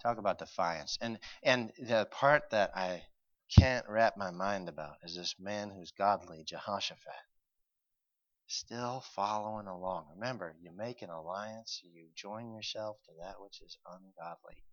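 A male preacher reading scripture aloud and explaining it, swinging from quiet explanation to loud, urgent pleading. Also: on the low side, unhurried, no room sound, highs cut off. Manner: reads old-fashioned scripture aloud with emphasis. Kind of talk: sermon reading and expounding scripture.

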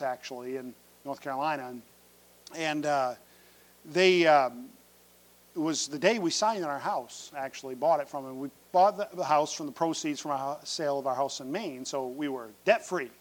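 High-voiced man preaching a folksy sermon. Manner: folksy storytelling with humor; builds to loud, emphatic pleading. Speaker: pastor.

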